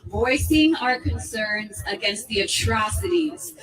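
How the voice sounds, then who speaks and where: A woman's voice: a little high, expressive, fairly bright tone. A woman and local political candidate delivering a prepared, earnest speech at an outdoor rally. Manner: earnest, measured oratory. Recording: distant microphone.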